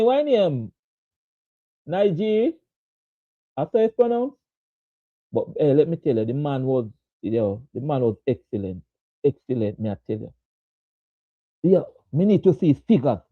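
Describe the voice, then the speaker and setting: Male stream host, lively swooping pitch, repeats himself, laughs often, dry muffled recording. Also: moderate pace, long pauses, no echo. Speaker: sports show host. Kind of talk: casual live-stream cricket chat. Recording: dull, dry lo-fi sound.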